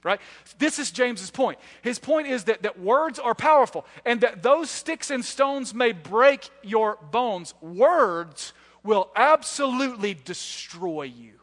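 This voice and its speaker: A man in his thirties, a guest preacher delivering a sermon with animated storytelling and self-deprecating humor. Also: very high-pitched, slow. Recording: echoey hall.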